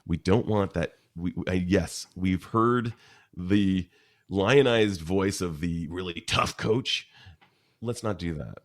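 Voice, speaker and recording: A man speaking as a podcast guest, earnest and warm in tone, sometimes stopping to search for the right word. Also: deep voice, slow. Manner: earnest, searching for words mid-sentence. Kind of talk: conversational interview.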